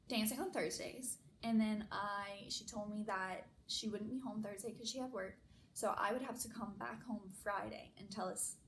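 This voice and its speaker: A young woman telling a personal story in a chatty, casual way, full of "like" fillers. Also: medium pitch. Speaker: vlogger. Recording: echoey room, faint noise.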